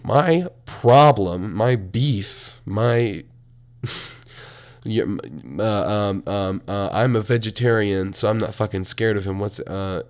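A young man in a college dorm room hosting a solo podcast, profane and animated, swinging between mumbled asides and loud outbursts. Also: lowish voice. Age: young adult. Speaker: podcast host. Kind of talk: casual solo podcast rant.

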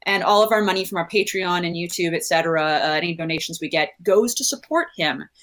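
A woman's voice: lowish voice, quick pace, a bit bright. A woman co-hosting a casual podcast, joking playfully as she reads the show's plug. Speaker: podcast co-host.

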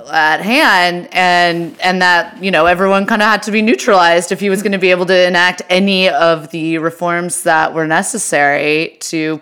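A woman's voice: on the low side, fairly bright tone, clean tone. A woman co-hosting a podcast, setting up topics and teasing her co-host in a dry, wry way. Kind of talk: casual chat.

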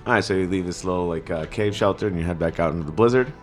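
A man as dungeon master, describing scenes casually with halting, laughing table talk. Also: low voice, faint music behind.

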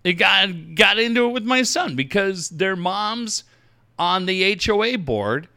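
A man's voice: sits high, animated, measured pace, sharp tone, no room sound, clean studio sound. A man in his forties, a radio host telling blunt, profane stories in casual banter.

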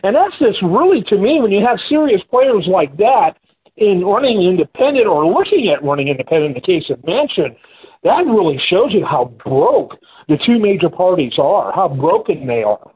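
A man hosting a radio talk show, telling stories in an animated way with plenty of fillers. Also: high voice, moderate pace, slightly rough. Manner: animated storytelling, talks through fillers. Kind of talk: casual on-air chat. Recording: phone-like radio audio.

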